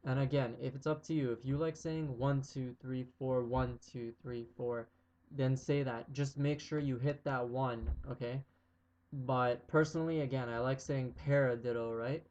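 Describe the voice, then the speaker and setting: A man teaching drum rudiments in a casual video lesson. He talks in a relaxed way, checks in with "okay?" again and again, and counts out loud as he plays. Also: mid-range voice, normal speed. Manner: relaxed, repeats "okay?" often, counts aloud loudly while playing. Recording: dull lo-fi sound with faint noise.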